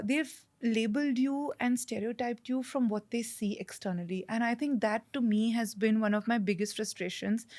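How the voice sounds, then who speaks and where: A woman chats as a podcast guest, her voice sitting a little high. She talks in lively bursts, full of fillers and restarts. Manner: chatty, animated, many fillers and restarts. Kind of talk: casual conversation.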